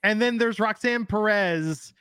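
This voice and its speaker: A man's voice: high voice, a little slow, a bit bright, smooth, no echo, studio quality. A man in his thirties co-hosting a casual podcast, rambling and thinking aloud with fillers. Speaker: podcast co-host. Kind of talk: casual wrestling podcast chat.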